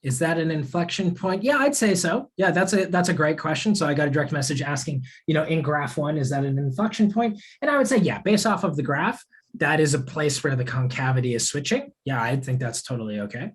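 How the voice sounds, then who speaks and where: Brisk and fairly high-pitched, a young male course instructor runs a casual live online math class, fielding students' questions as he solves problems.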